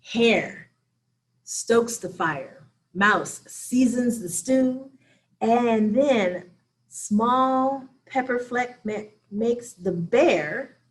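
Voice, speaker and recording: A woman, a children's librarian, reading a picture book aloud at storytime with expressive, animated storytelling. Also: on the high side, extremely slow.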